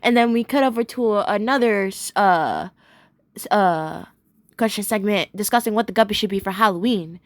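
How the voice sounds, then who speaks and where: A woman's voice: mid-range voice, moderate pace, no room sound, studio quality. A young woman casually recapping a cartoon episode, rambling with many fillers, giggling and gushing in bursts.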